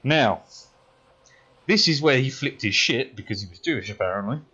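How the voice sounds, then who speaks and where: A British man, a game streamer, telling a story casually with heavy swearing and animated retelling. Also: mid-range voice, moderate pace, husky, muffled recording. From United Kingdom. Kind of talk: casual storytelling while gaming.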